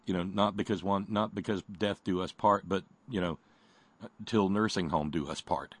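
A man hosting a casual call-in talk show, speaking haltingly with many restarts and pauses. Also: sits low, no echo. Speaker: radio talk host.

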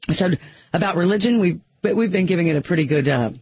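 A woman co-hosting a radio talk show in a studio, chatty and quick to laugh. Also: on the low side, animated, husky, dry recording, lo-fi sound.

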